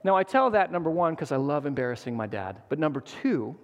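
A man's voice: fairly high pitch, brisk, lo-fi sound. Earnest man preaching in a reverberant hall. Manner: earnest, animated storytelling, frequent restarts. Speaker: guest preacher. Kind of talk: sermon with personal stories.

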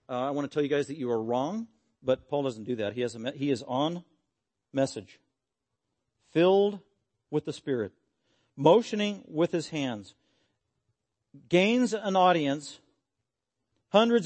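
An earnest, animated man preaching a sermon and closing in prayer. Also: fairly high pitch. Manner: earnest, animated, acts out quotes.

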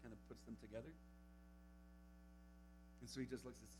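A young man giving a camp sermon to teenagers, telling a Bible story with lively acted-out quotes. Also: medium pitch, a little fast, over music, low-quality recording. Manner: animated storytelling, acting out quotes. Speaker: camp speaker. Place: camp meeting hall.

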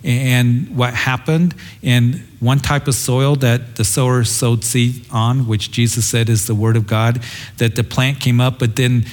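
A man's voice: mid-range voice, fairly even intonation, a little slow. A middle-aged man preaching a sermon as a pastor, earnest and reflective, quoting scripture in a tender way.

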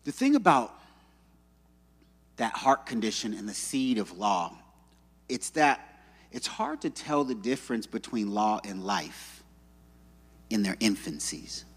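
A man's voice: fairly low pitch, sing-song, measured pace, long pauses, breathy edge. A man preaching a sermon in a church, in a conversational, joking storyteller manner. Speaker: pastor. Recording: long reverb in a hall.

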